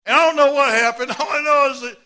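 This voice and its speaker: A middle-aged man preaching a sermon as pastor, telling stories with animated swings from loud outbursts to hushed asides. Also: very high voice, quick pace.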